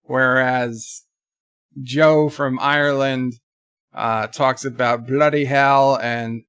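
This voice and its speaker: A man's voice: mid-range voice, fairly even intonation, slow pace, a bit bright, clean tone, dry recording, clean studio sound. A man hosting a livestream in casual chat, reading out donations and viewer comments with wry, rambling remarks. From United States.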